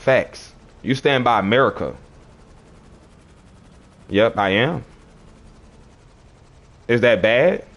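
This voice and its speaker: A man's voice: medium pitch, expressive, takes it slowly, pauses often, a bit bright. A man on a livestream, arguing with chat commenters in a preachy, confrontational way and repeating his phrases.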